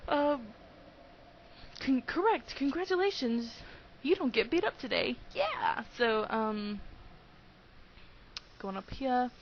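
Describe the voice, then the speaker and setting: A woman's voice: on the high side, very animated, slow pace, pauses often, highs cut off, a little hiss or hum. Giggly, hyper young woman gaming. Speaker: let's play host. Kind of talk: casual gameplay commentary.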